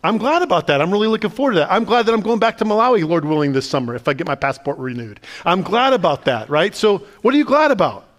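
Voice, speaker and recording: Man preaching, high voice, chatty, asks lots of questions. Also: fast talker, few pauses. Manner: conversational, animated, lots of rhetorical questions. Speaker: pastor. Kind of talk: sermon. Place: church sanctuary.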